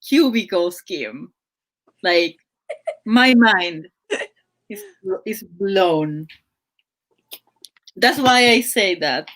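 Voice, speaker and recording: Her mid-range voice is a bit bright, with lively intonation, though she speaks extremely slowly and pauses often. She's a non-native English speaker chatting casually on her livestream, giggly and full of fillers and sentence restarts.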